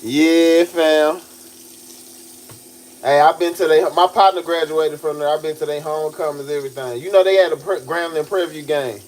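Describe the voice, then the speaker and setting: A man's voice: on the high side, fairly even intonation, normal speed, a little hiss or hum. A young man on a livestream telling a personal story in a casual way, laughing often and acting out the voices he quotes.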